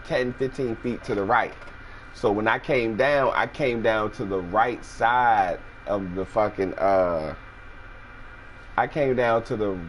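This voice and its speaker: A man telling a story in a casual, animated and profane way, jumping into high voices when quoting people. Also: a little hiss or hum. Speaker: storyteller host.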